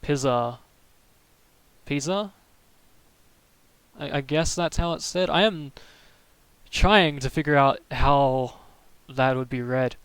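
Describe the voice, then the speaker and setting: A young man from Melbourne, chatting casually on his live stream with many halting restarts, answering viewers' comments. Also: medium pitch, fairly even intonation, fairly bright tone, clear, resonant tone, dry recording, poor audio. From Melbourne, Australia. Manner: rambling, halting, restarts sentences often.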